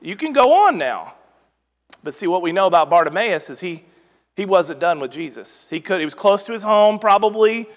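A man's voice: high-pitched, a little fast. Man teaching the Bible in a reverberant hall. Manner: reads scripture aloud, then explains it in a relaxed, chatty way. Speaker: Bible teacher and podcast host. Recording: long reverberant hall sound.

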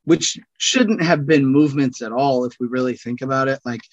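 A man with a Californian accent, talking casually as a podcast guest in an animated, rambling way with loud bursts. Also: mid-range voice, moderate pace, lo-fi sound. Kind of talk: casual conversation.

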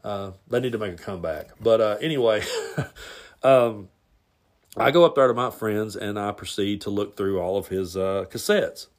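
A man hosting his own podcast, telling a story from his youth in a relaxed, rambling way with plenty of fillers, recorded at home. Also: lowish voice, moderate pace. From Tennessee. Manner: rambling, laid-back, lots of fillers. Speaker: podcast host. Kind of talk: casual storytelling monologue. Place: home, near the garage.

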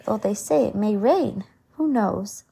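Timid young suitor, read by a woman, hesitant, husky. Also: medium pitch, expressive, measured pace, mellow, full character voice. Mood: nervous. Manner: hesitant, fumbling. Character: shy nervous young man in love. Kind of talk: storybook read-aloud.

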